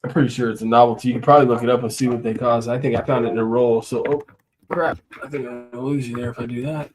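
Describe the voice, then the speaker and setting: A man's voice: mid-range voice, fairly even intonation, fast talker, a little hiss or hum, poor audio. Chatty man rambling on a livestream. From US West Coast. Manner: rambling, chatty, laughs often. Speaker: livestream host. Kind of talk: casual live-stream chat.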